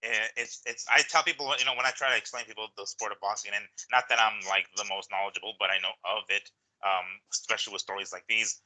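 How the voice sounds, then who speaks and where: Male boxing podcast co-host, lowish voice, very bright tone, blunt and profane. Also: steady tone, poor audio. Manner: blunt, swears, halting restarts. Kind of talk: casual chat.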